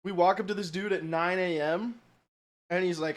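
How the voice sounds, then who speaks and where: A man's voice: high voice, fairly even intonation, normal speed. A man streaming live, chatting casually, poking fun at himself and answering his chat. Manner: joking, self-mocking, reacts to chat.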